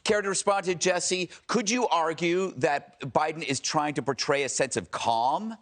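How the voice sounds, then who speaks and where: A man's voice: on the high side, unhurried, fairly bright tone. A man moderating a TV panel discussion, with a dry, joking delivery. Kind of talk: opinionated panel talk. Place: TV studio.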